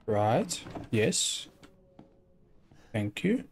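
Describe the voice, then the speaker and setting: A man's voice: on the low side, sing-song, extremely slow, creaky, slight background noise. A man giving let's play commentary, chatting and muttering to himself as he plays a video game. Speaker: gaming YouTuber.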